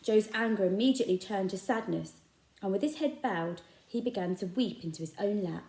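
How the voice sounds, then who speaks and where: A woman's voice: mid-range voice, fairly quick. A woman reading a children's novel aloud, telling it with expression. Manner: expressive storytelling. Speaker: reader. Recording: echoey room.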